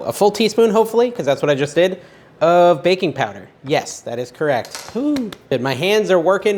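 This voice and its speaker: A man's voice: on the high side, slight background noise. A man in his forties hosting a casual cooking vlog from his home kitchen, chatting and joking at himself as he goes. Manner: rambling, chatty, self-joking. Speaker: cooking channel host.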